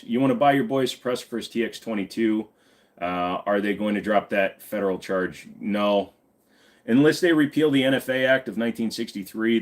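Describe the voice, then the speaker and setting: Blunt, low-voiced man in his forties. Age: 40s. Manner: blunt, casual and profane. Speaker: live stream host. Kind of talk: live stream Q&A chat.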